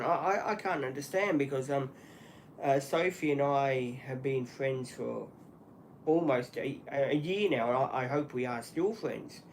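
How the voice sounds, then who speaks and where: A man hosting a solo livestream, talking earnestly and apologetically in halting speech with many restarts and fillers. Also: mid-range voice, a little hiss or hum. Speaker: channel host.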